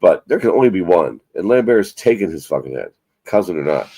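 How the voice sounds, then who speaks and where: A man's voice: deep voice, very animated, fairly quick, warm tone, dry recording. A man hosting a casual live stream, rambling and swearing as he chats about movies. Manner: rambling, profane, self-mocking. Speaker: livestream host.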